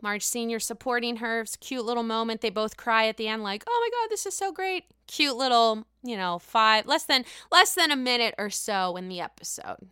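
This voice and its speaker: A woman giving a casual, profane reality show recap, chatty and excitable, calling the viewer honey. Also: on the high side, normal speed, hardly any pauses, clear, resonant tone, dry recording, clean studio sound. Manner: excitable outbursts.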